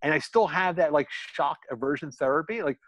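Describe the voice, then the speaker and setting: In a casual group chat over video, an author appearing as a guest talks briskly in a highish voice, telling candid, wandering stories about writing and recording his book. Crowd noise is audible and the audio is poor.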